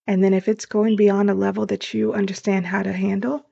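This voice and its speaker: Woman, life coach podcast host, earnest coaching tone, warm low timbre, slightly muffled sound. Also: little pitch movement, brisk, gravelly, husky. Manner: earnest, coaching, speaks directly to listeners. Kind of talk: motivational podcast monologue. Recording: dull lo-fi sound.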